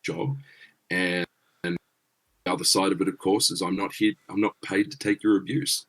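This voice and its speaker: A man's voice: sits low, steady tone, moderate pace, fairly bright tone. A middle-aged man, a guest musician telling stories in blunt casual talk and swearing freely. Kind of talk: casual storytelling.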